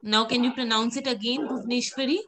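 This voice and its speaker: A woman's voice: a little high, fairly even intonation, a little fast, a bit bright. A woman teaching French pronunciation in an online class, patiently repeating words and calling on students by name. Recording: noisy background.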